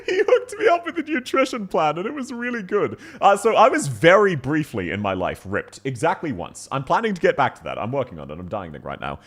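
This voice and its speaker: Aussie guy streaming, chatty, jokes about himself, rambles a lot, swoopy higher voice, bit of music in the background. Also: huge pitch swings, a little fast, hardly any pauses, fairly bright tone. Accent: Australian. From Australia. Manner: rambling, self-mocking, laughs often. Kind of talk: casual live-stream chat with viewers.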